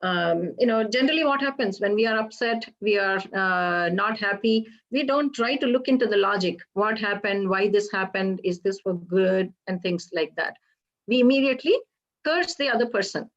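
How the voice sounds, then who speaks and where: A woman retelling a Hindu legend for a temple program, halting and explanatory, often pausing to ask her listeners questions. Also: medium pitch. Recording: slightly dull lo-fi recording.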